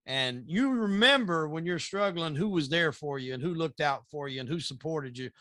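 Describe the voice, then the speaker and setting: A man's voice: on the high side, lively intonation, moderate pace, pushed and bright, dry recording, studio quality. A man hosting a podcast, chatting casually and restarting his thoughts as he looks for the words. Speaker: podcast host. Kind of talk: casual interview chat.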